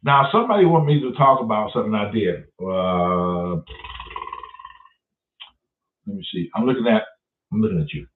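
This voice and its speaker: A man with a lowish, expressive voice speaks fairly quickly while hosting a casual live stream. He tells stories with plenty of swearing and addresses viewers by the names in chat. The audio comes across as roomy, distant and phone-like.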